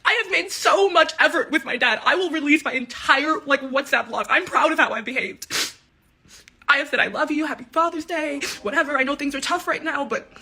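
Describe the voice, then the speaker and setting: A twenty-year-old woman speaking out in an emotional, unscripted monologue, rambling and halting, with nervous laughs. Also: sits high, sharp tone. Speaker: daughter speaking out in a personal video.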